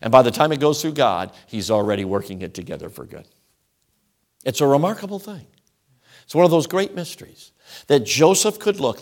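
A man's voice: mid-range voice, lively intonation, a little fast, a little mellow. A middle-aged man preaching a sermon, emphatic and rhythmic, stacking repeated phrases into lists. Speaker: traveling preacher.

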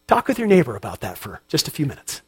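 A man preaching as a pastor, reading scripture aloud and then asking his congregation questions in an unhurried, conversational way. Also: on the high side, huge pitch swings, breathy edge. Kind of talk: sermon.

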